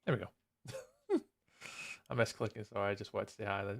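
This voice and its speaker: A man's voice: lowish voice, steady tone, brisk, vocal fry. A young Scottish man streaming a game build live, chatting casually, greeting viewers by name and laughing often. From Scotland.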